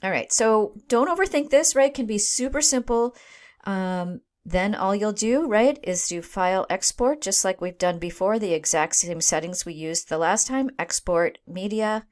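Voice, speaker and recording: A woman instructor talking through a screen-recorded software tutorial, casual and thinking aloud, often checking in with "right?". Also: medium pitch, expressive, normal speed.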